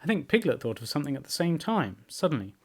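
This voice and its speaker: A gentle, simple bear, voiced by a man reading aloud muses in a mildly lifted voice. He takes his time, as a storybook bear would. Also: on the high side, big pitch swings, quick pace, voice pushed up. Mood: musing.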